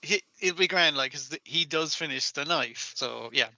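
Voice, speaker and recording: A man with a bright, forceful, cutting voice, chatting casually as a podcast co-host. He talks with animation and swears freely. The sound is close and dry, with no room around it. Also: a little high, moderate pace, no room sound. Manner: animated, swears often, acts out scenes in quoted voices. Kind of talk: casual chat.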